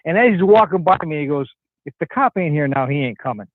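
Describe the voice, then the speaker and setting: A man's voice: on the high side, expressive, fast talker, no echo. A man from Connecticut calling in to a talk show, telling a story in a rambling way with many restarts. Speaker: caller. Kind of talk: casual phone-in chat. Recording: tinny phone line.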